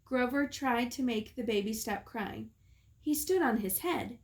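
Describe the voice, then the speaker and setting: A woman teacher reads a picture book aloud for young children. She is calm and clear, with a voice a bit higher than most. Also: measured pace. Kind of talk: storybook read-aloud.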